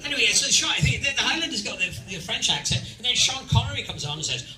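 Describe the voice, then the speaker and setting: Lively older Scottish man telling stories. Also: very high voice, fast, distant mic. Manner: animated, playful, laughing asides. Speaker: convention panel guest. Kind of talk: anecdotal storytelling to an audience. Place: large convention hall. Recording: echoey hall with crowd.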